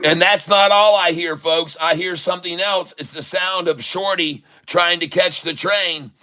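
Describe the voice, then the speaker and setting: A man hosting a live day-trading stream, shouting excitedly at the charts and talking to his chat. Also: high-pitched, measured pace. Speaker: day-trading livestream host.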